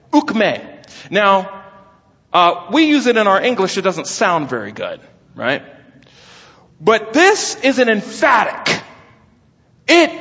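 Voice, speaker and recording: A man's voice: high-pitched, fairly bright tone. A man preaching an expository sermon, emphatic and exclaiming as he explains a text. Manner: emphatic, exclaims and stretches words. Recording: lo-fi with long hall reverb.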